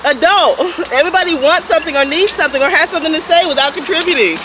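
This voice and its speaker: A woman's voice: high voice, rapid-fire. A woman, chatting casually and animatedly in a vlog, laughing often. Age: 30s. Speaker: vlogger. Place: outdoors in a city, by a fountain, then in a car. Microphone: phone held at arm's length. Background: street ambience, fountain, traffic.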